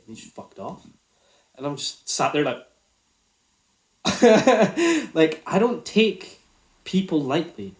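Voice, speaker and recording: A man's voice: mid-range voice, lively intonation, moderate pace. A man, telling a personal story in a casual, reflective way, swearing freely.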